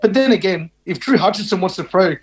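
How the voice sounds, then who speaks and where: An Australian man hosting a casual sports podcast chat, excitable and full of storytelling. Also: high-pitched, quick pace. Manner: excitable, tells stories with acted quotes. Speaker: podcast host.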